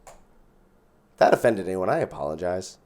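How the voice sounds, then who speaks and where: A man's voice: low-pitched, sing-song, normal speed, darkish tone. A man giving casual gameplay commentary as host, thinking aloud and counting out his mana as he plays. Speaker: gaming channel host.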